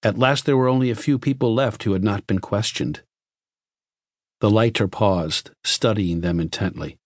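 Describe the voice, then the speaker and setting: A man narrating an audiobook in a measured, even scripted reading. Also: on the low side, dry recording, studio quality.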